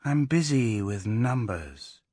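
A man reading an audiobook, voicing a precocious, scornful boy of about five who speaks slowly and pointedly. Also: medium pitch, lively intonation, warm tone, breathy edge, no room sound, studio quality. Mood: impatient. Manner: slow, pointed, triumphant.

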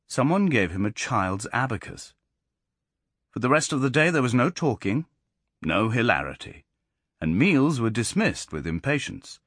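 A man narrates a literary audiobook in a measured yet expressive storytelling style. His pitch is fairly low, and the studio-quality recording is dry.

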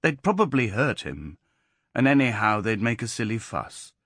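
A man's voice: mid-range voice, big pitch swings, normal speed, fairly bright tone, no room sound, studio quality. A man reading an audiobook, voicing a protective mother who speaks insistently. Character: protective, firm young mother.

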